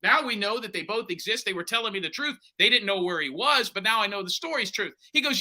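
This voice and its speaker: Male private investigator with a very bright, sharp voice, blunt storyteller who acts out every quote. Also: high-pitched, lively intonation, quick pace, few pauses. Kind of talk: animated storytelling interview.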